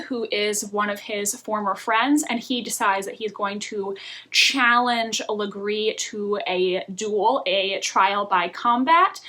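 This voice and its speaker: Candid female reviewer, casual vlog delivery, slightly high, bright tone. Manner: chatty and candid, laughs often. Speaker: book and film reviewer.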